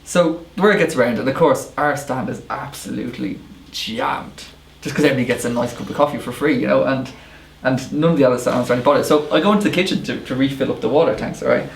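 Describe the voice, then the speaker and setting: A man with an Irish accent, a barista co-hosting a casual podcast chat, telling emphatic, animated stories. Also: mid-range voice, fast, creaky, echoey room, slight background noise. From Ireland. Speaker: barista and co-host.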